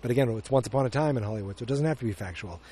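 A man's medium-pitched voice races along, mellow yet husky, as he hosts a podcast about a movie. His casual review rambles and self-corrects, and it's opinionated throughout.

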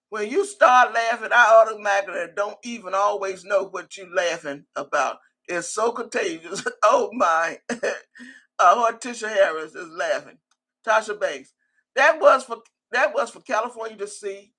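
Unhurried and husky, her mid-range voice comes across pushed and bright. She's a livestream host in a chatty, teasing mood, laughing often as she names viewers and responds to their comments one by one.

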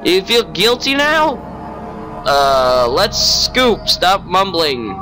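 A man's voice: high-pitched, big pitch swings, very slow, soft background music, pitched above the performer's own voice, heavily acted. A man voicing a cocky, taunting young male friend with a put-on American Western drawl.

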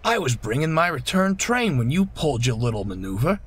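A man voicing a calm, sarcastic male steam engine in a storybook reading. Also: fairly high pitch, a little fast, breathy edge, pitched above the performer's own voice, heavily acted. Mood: dry. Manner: dry, sarcastic.

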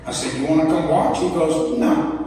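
Joking preacher in an echoey hall. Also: male voice, a little high, lively intonation, moderate pace. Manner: joking storyteller, playful asides to the congregation. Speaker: guest evangelist. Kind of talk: humorous preaching story. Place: church sanctuary. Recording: echoey church hall, distant mic, noisy.

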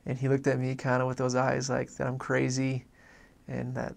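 A young man, a former missionary, telling a personal story in a halting way, repeating words and filling pauses. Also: mid-range voice, monotone, vocal fry.

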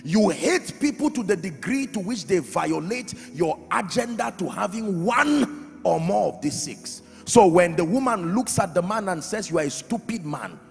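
A man preaching a sermon as pastor, emphatic, swinging from loud shouts to quiet drops. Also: sits high, animated, a little slow, gravelly. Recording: reverberant hall with faint music.

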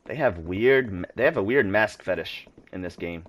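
A man's voice: on the low side, animated, moderate pace. A man commenting in a jokey manner as he plays a video game, reacting aloud. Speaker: gaming video host. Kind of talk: let's play commentary.

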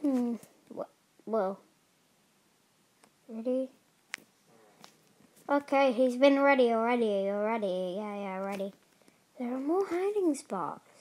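A young woman giving casual, excitable commentary while playing a game with others. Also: fairly high pitch, slow pace, long pauses, poor audio. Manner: playful, excitable, talks to other players. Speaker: gaming video host.

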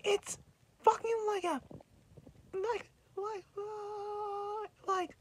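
A woman's voice: very high voice, expressive, unhurried, dry recording. A woman in a rambling, profane rant, full of crude insults, swearing and filler words. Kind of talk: profane ranting monologue.

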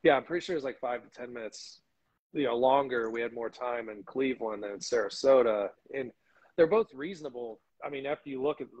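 A man with a husky voice speaks as an interview guest over a phone call. His talk is loose and casual, full of fillers. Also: mid-range voice, brisk, darkish tone.

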